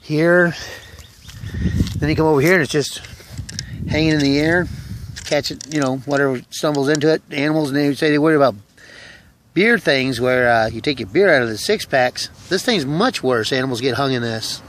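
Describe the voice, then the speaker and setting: A man's voice: fairly high pitch, normal speed, a bit bright, a little hiss or hum. A man vlogging on a hike who rambles in a folksy, joking way while walking through woods and country roads. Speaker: hiking vlogger. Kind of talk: casual joke-telling vlog.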